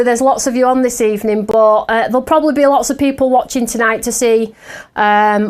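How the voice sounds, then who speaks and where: A woman hosting a live craft shopping show, chatting casually with viewers and giggling at herself often. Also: fairly high pitch.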